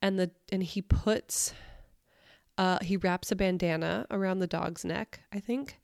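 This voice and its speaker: A woman's voice: on the low side, steady tone, a little slow, gravelly, a little mellow, clear, resonant tone, dry recording, studio quality. A woman co-hosting a podcast, casually retelling a creepy story with loose phrasing full of likes and I don't knows. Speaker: podcast co-host. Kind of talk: casual chat.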